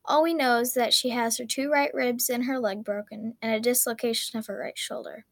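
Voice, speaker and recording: A woman voicing a calm hospital doctor who gives bad news in a measured, sighing, hesitant way, read from a storybook. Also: a little high, gravelly, dry recording. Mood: grave.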